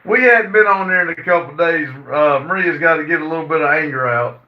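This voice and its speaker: A man hosting a casual livestream, reading viewer comments aloud and answering them with many "uh" fillers. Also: on the high side. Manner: reads chat messages aloud and answers them; halting, frequent "uh" fillers. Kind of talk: casual chat. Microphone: phone. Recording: roomy, distant and dull phone audio.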